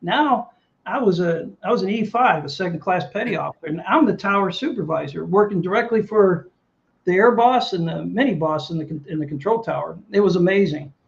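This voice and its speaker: A man with a fairly high voice tells his navy stories with animated energy and acts out every exchange. The sound is a little dull and lo-fi. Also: a little fast, creaky. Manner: animated anecdotes, acts out dialogue. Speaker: navy veteran guest. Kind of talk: storytelling interview.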